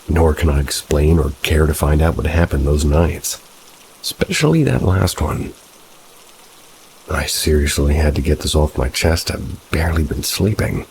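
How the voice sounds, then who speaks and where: A man with an extremely deep, gravelly voice reads first-person horror stories in a steady, measured way. Soft rain patters faintly behind him. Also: slight background noise, poor audio. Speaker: horror story narrator.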